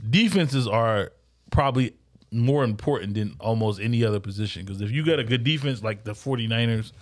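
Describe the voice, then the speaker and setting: A man's voice: mid-range voice, fairly quick. A man in casual talk with friends, explaining his fantasy football picks at length with many restarts. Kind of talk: casual banter among friends.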